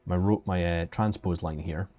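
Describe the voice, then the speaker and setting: A man's voice: low voice, fairly even intonation, moderate pace, mellow. A man chatting casually and jokingly while teaching digital sculpting on a live stream, often restarting his sentences. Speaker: 3D sculpting instructor. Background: faint background music.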